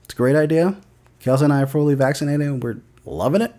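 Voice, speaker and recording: A man's voice: fairly high pitch, fast, warm tone. A man in his thirties co-hosting a podcast, telling a loose, profane anecdote with lots of fillers. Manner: loose storytelling with frequent swearing and fillers. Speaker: podcast co-host. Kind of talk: casual chat and anecdote.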